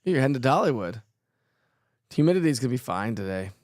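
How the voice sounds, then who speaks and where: A playful man talks through a relaxed live weather show, chatting freely and teasing himself. His voice sits in an ordinary middle range. The sound is close and dry, with no room around it. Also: medium pitch, fast talker, no room sound. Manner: chatty, playful, self-joking, laughs often. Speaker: weather forecaster host. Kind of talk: casual live weather chat.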